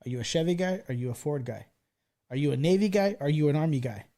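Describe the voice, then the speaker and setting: A man's voice: on the high side, expressive, fast talker, dark tone. A man in his forties hosting a casual podcast, telling stories animatedly and swearing freely. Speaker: podcast host. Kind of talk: casual chat.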